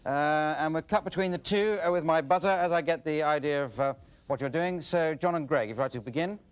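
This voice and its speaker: A man's voice: fairly high pitch, a little fast, smooth. A British man hosting an improv game show in a TV studio, who talks with lots of hesitant uh's. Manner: hesitant, full of uh's, dry and breezy. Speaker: host. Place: TV studio with a live audience. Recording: studio audience and background noise.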